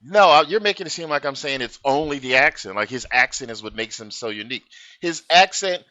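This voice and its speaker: A man's voice: medium pitch, lively intonation, fairly quick, bright, forceful tone. A man co-hosting a music reaction video, insistently arguing his point in casual chat. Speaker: reaction channel co-host. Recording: dull lo-fi sound.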